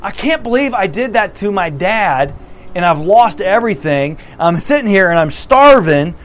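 A man's voice: high voice, very animated, moderate pace, a bit bright, slight background noise, low-quality recording. A remorseful hungry young man, as a preacher puts him on. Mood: regretful.

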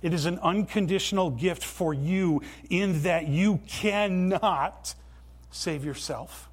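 A man preaching a sermon in a church, earnest and emphatic, with deliberate pauses. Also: high-pitched, husky. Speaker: pastor.

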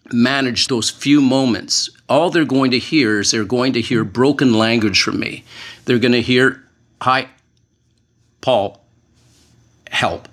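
Earnest man, slow emphatic speech. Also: lowish voice, a bit bright. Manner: earnest, measured, slows to stress key words. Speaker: panel guest, former hostage negotiator. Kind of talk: panel discussion.

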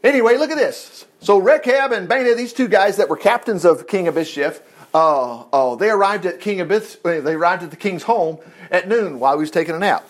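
A man with a high voice that swings widely up and down leads a casual Bible lesson. He talks in a folksy, chatty way, breaking off for asides and firing rhetorical questions at his listeners. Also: expressive, brisk. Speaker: Bible teacher.

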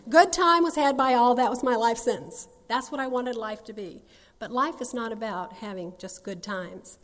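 A woman in her sixties tells her life story as a personal testimony, folksy and earnest. Her voice sits fairly high for a woman. It rings out with the long reverb of a large hall. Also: measured pace, a bit bright. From North Carolina, USA. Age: 60s. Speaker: speaker sharing her testimony.

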